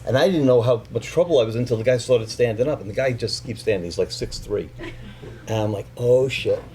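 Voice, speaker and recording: A middle-aged man telling a personal story live, animated and profane as he acts out the people in it, then quiet and halting when he speaks about his family. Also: mid-range voice.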